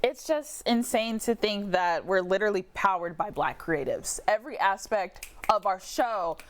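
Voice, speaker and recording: A young woman co-hosting a casual talk show, upbeat and quick to laugh and agree. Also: mid-range voice, expressive. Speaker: co-host.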